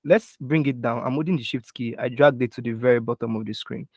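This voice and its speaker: A young man leads a live online software lesson, walking through each keyboard shortcut one step at a time. He keeps stopping to ask his students whether they can follow. His voice is recorded dry and close on a computer mic, with keyboard taps heard under it. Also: medium pitch, animated, fairly quick, hardly any pauses, no room sound. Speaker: design instructor.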